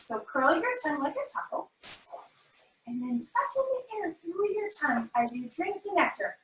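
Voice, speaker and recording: A high-pitched, bright-voiced woman guides a family yoga class with playful, encouraging cues. She sounds a little distant from the mic in an echoey studio room. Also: very animated, normal speed. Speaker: yoga instructor.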